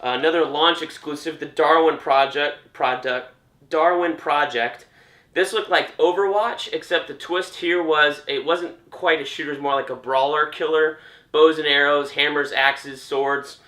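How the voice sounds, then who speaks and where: A man's voice: fairly high pitch, fairly even intonation, moderate pace, pushed and bright. A young man giving a chatty, jokey reaction to gaming news, often trailing off and restarting. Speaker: gaming commentator. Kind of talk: casual reaction commentary. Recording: roomy echo.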